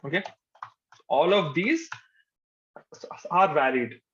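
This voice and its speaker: A man's voice: on the high side, expressive, slow, fairly bright tone, slight background noise. A male programming instructor, giving a live coding lecture to a class. He repeats his points patiently and says "okay" often. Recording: dull lo-fi sound.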